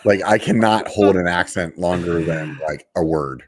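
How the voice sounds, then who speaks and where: Deep laid-back man. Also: normal speed, breathy edge, no room sound, studio quality. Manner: laid-back, says dude a lot. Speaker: podcast co-host. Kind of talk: casual chat.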